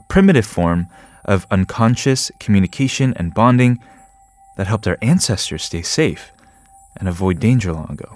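A man hosting a radio show, reading a script and then chatting with jokes and small laughs. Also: lowish voice. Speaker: radio host. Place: radio studio. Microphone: studio microphone.

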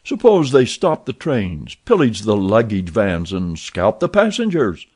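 A man voicing an excited, incredulous gentleman who argues eagerly at a card table. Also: fairly low pitch, measured pace, breathy edge, heavily acted. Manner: eager, raised and insistent.

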